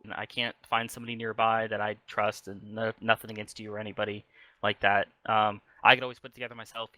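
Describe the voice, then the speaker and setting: Over a voice chat mic, a man with a lowish, sharp-toned voice rambles casually through an online community meeting he's leading, restarting sentences and leaning on fillers. The recording is dry and rough, the feel of an informal online town hall.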